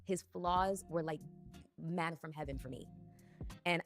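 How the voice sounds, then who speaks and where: Woman, thirties, deep voice, dreamy storyteller, soft music bed. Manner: reflective, dreamy, drawn-out phrasing. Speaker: guest telling her life story. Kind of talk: personal storytelling. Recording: faint music underneath.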